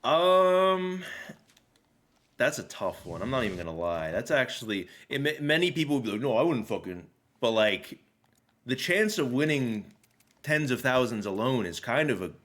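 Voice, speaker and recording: A man's voice: mid-range voice, lively intonation, a little fast, a bit bright. A young American man hosting a casual stream chat, joking, laughing and swearing freely. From United States. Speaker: streamer host.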